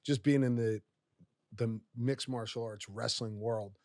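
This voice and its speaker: A man hosts a casual studio interview at a middle pitch, recorded dry and close. He is laid-back, laughs easily and asks his questions in short, loose bursts. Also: fairly even intonation, unhurried, a little mellow, no room sound. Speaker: podcast host. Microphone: podcast studio microphone.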